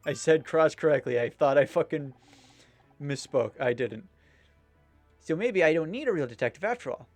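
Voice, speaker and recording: A man's voice: a little high, expressive, normal speed, no echo, faint music behind. A man giving casual, joking commentary while playing a story game, with profane asides. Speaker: let's play gamer.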